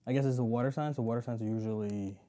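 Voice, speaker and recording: Man, mellow warm tone, reflective, quick to laugh, casual conversation. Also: mid-range voice, steady tone. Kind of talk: casual chat.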